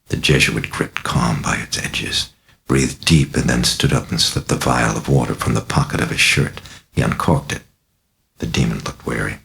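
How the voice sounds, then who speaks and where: Very deep, gravelly male audiobook narrator. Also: fairly even intonation, a bit bright. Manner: deliberate, dramatic reading. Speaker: author reading his own novel.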